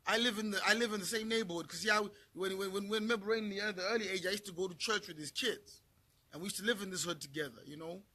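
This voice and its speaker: A middle-aged man from Zimbabwe, profane and heated, repeating himself as he rants to camera in a vlog. His voice sits high for a man, bright and a little husky. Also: quick pace. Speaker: vlogger. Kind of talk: angry rant to camera.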